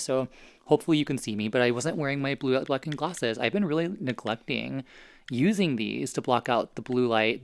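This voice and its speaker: A man's voice: medium pitch, smooth. Man, casual home vlog, rambling, chatty, explains science. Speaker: vlogger. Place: home, indoors.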